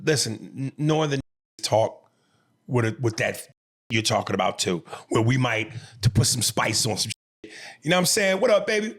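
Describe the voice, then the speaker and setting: A man's voice: mid-range voice, animated, normal speed, fairly bright tone. A man from New York City with a New York accent, co-hosting a podcast in casual, profane, emphatic chat with frequent restarts. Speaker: podcast co-host.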